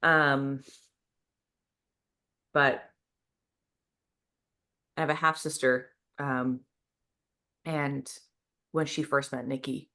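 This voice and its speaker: A woman chatting casually in a group, talking in quick bursts with many restarts. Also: very deep voice, steady tone, sharp tone. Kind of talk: casual chat.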